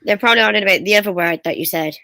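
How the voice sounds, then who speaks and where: A woman's voice: mid-range voice, very fast, bright, forceful tone, no room sound. A woman co-hosting a late-night chat, blunt and sweary. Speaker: co-host.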